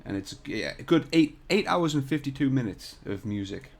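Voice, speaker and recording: A man's voice: mid-range voice, lively intonation, moderate pace, gravelly. A man hosting a live design tutorial stream from a hotel room, chatting casually and jokily with viewers and swearing now and then, into a desk microphone with no pop filter. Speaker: CAD tutorial livestream host. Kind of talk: casual livestream chat. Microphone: desk mic without shock mount or pop filter.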